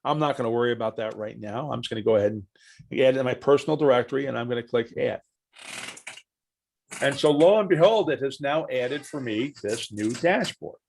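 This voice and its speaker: A man leading a live online software training, walking through each step aloud and quizzing the class with true-or-false questions. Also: mid-range voice, brisk, vocal fry, slight background noise. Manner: chatty, asks the class questions, walks through steps aloud.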